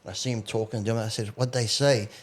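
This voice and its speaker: A man's voice: on the low side, fairly even intonation, rapid-fire. A man as a podcast guest, chatting casually and telling stories with heavy swearing and acted-out quotes. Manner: swears freely, acts out quotes while storytelling. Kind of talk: casual chat.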